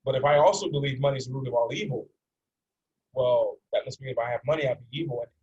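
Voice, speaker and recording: Husky man coaching in earnest. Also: medium pitch, fast talker, a little mellow, lo-fi sound. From North America. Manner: earnest and repetitive, tells stories to make his points. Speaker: life coach. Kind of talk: coaching session talk.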